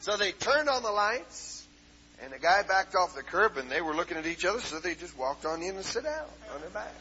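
A man preaching a fervent Pentecostal sermon, punctuating with hallelujahs and "uh" fillers and climbing into shouts, on a dull lo-fi 1970s tape. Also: sits high, very animated, brisk, breathy edge.

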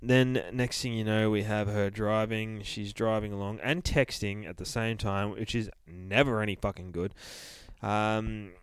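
A man with a somewhat low voice walks through a horror comic in a loose, rambling, heavily sweary way, stopping often on ums and uhs. The sound is dry and close, with almost no room around it. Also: steady tone, measured pace, clear, resonant tone, dry recording. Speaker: comic book reviewer. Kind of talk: casual retelling of a comic.

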